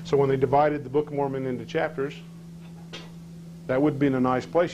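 A man teaching a scripture class in a room, his voice sitting at an ordinary middle pitch. He keeps questioning his listeners and reads verses aloud with rising emphasis. A faint hum runs underneath the recording. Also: little pitch movement, fairly quick, highs cut off.

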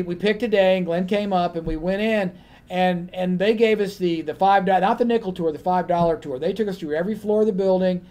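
A man on a panel telling a lively anecdote and acting out the other people in his story. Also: high voice.

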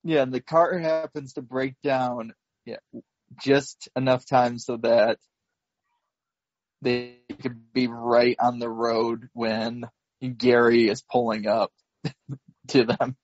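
A man co-hosting a podcast, slowly recapping a film plot in casual chat, with lots of fillers and laughs. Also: mid-range voice, level tone, no room sound, lo-fi sound. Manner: slow, rambling recap with frequent fillers and laughs. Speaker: podcast co-host.

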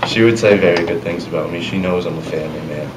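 A man's voice: low voice, steady tone, fast, close to an everyday voice. A teenage boy playing a bumbling, overconfident teen dad of three who talks in awkward, hesitant boasts, recorded from far off in a noisy, echoey school room.

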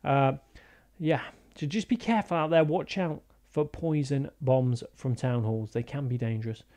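A man's voice: medium pitch, normal speed, darkish tone. A man giving casual, jokey commentary over a strategy game, rambling into silly asides. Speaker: gaming YouTuber.

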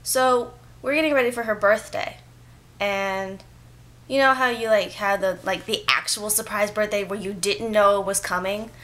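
A young woman telling a story to camera in a casual vlog. She chats loosely, leans on lots of "like" fillers, and grows animated as she retells it. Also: medium pitch, normal speed. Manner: chatty, filler-heavy with frequent "like". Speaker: vlogger.

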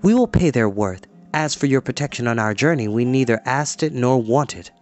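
A man's voice: medium pitch, lively intonation, normal speed, lightly acted. A man reading aloud, voicing an earnest young male hero who speaks firmly and formally. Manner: firm, earnest, formal speech.

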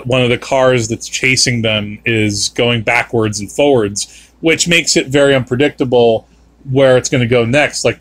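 A podcast host chats casually, his mid-range male voice carrying a fairly bright tone. He rambles along with plenty of fillers and restarts.

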